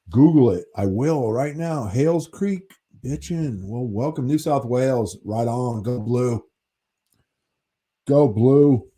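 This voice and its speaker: A man's voice: lowish voice, mellow, slightly rough. An American man hosting his own channel, chatting casually with viewers in a rambling, easygoing way that includes casual swearing. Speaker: channel host reading chat. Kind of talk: casual livestream chat.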